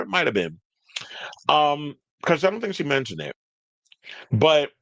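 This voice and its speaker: A man's voice: lowish voice, a bit bright, dry recording. A man giving casual, opinionated celebrity news commentary, chatty and full of rambling asides. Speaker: entertainment commentator.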